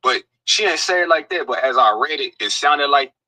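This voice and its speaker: A man hosting a casual commentary stream, giving loose, joking shout-outs to his viewers. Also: fairly high pitch, lively intonation, fairly quick, no echo, recorded from a distance, low-quality recording.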